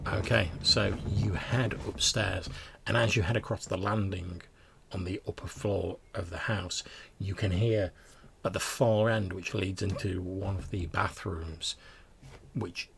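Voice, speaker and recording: A game master narrates a tabletop role-playing scene in a descriptive style, often restarting his phrases. His voice is low and gravelly, with a rough fry. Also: fairly even intonation, measured pace, noisy background.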